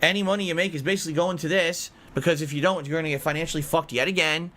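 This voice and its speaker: A man vents on his podcast. His voice is bright and sits a little high, and he swears and circles back to hammer each point home. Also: steady tone, racing. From United States. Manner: angry, profane, repeats his points. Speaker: podcast host. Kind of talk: heated podcast rant.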